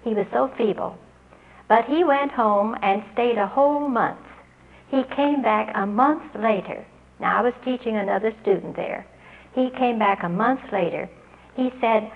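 A woman telling an audience how she taught a student to read. She speaks earnestly and spells out letters and their sounds slowly. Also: fairly high pitch, vocal fry, phone-quality sound. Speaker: literacy teacher giving a talk. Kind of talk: storytelling address to an audience.

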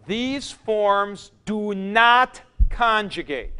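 A man teaching a classroom lecture, explaining deliberately with frank asides to his students. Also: sits high, lively intonation, fairly bright tone, clear, resonant tone. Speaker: Greek teacher.

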